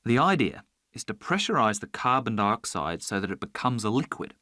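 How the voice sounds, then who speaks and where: A man's voice: on the low side, very animated, fairly quick, pushed and bright, no room sound. An earnest young design student in a scripted listening test, explaining his idea step by step. The recording is dry and close.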